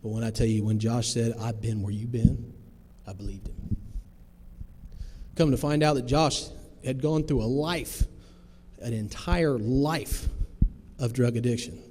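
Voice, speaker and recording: A man in his thirties shares his story with a recovery group, speaking unhurriedly in a mellow, mid-range voice. His testimony is plain-spoken, earnest, and folksy, heard with long hall reverb and faint background noise.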